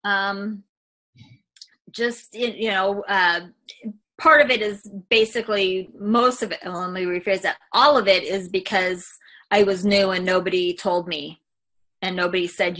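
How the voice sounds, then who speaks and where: A woman's voice: medium pitch, steady tone, measured pace, a bit bright. A woman real estate agent giving a candid testimonial in an interview, rambling and full of fillers.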